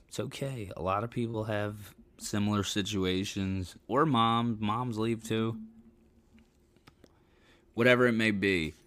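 Deep-voiced tired man podcasting solo. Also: clear, resonant tone. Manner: rambling and relaxed, swears casually. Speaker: podcast host. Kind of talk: casual solo podcast chat.

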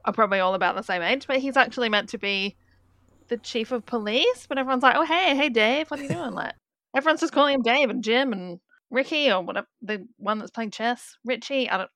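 A woman co-hosting a casual film podcast, animated and quick to mimic characters in funny voices. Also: on the high side, no echo. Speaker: podcast co-host.

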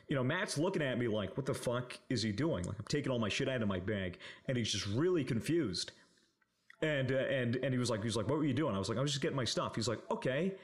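A young man telling a casual story on a podcast, rambling with lots of fillers, swearing and laughing as he goes. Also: mid-range voice. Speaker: podcast co-host.

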